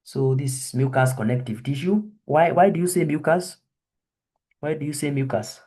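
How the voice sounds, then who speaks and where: A man's voice: fairly high pitch, normal speed, warm tone. A man giving an anatomy review lesson, quizzing his students and repeating each question and answer. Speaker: anatomy lecturer. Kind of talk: online histology review lesson.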